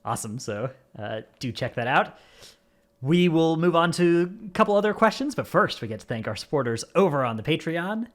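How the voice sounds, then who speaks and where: A man's voice: on the high side, expressive, fairly quick. A man hosting a gaming podcast, reading out supporter names in an easygoing way with jokey asides. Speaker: podcast host. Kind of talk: casual gaming podcast chat.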